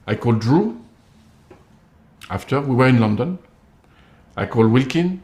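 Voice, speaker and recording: A man's voice: mid-range voice, animated, moderate pace, pauses often, darkish tone, reverberant. Emphatic man with a tinged delivery. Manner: emphatic, accusatory, acts out others' replies. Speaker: commentator. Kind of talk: direct-to-camera monologue.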